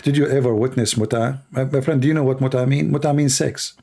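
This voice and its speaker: Hoarse, gravelly man. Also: medium pitch, fairly even intonation, fast, dark tone. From Middle East. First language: Arabic. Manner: blunt, sarcastic, rhetorical questions. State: hoarse, tired voice. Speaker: Christian apologist, host answering questions. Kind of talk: casual live Q&A stream.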